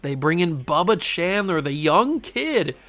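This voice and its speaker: Young male gaming creator, slightly high voice, running play-by-play on his own game, frustrated one moment and yelling the next. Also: a little slow. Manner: animated, swings from frustrated groans to excited shouts. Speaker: gaming YouTuber. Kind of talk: live commentary while playing a baseball video game.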